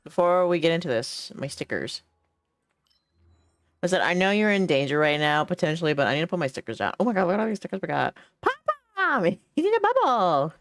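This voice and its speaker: A woman's voice: on the low side, very animated, brisk, dry recording. A woman streaming a game, chatty and giggly, reading the dialogue aloud as she plays, with hiccups. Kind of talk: casual game stream commentary.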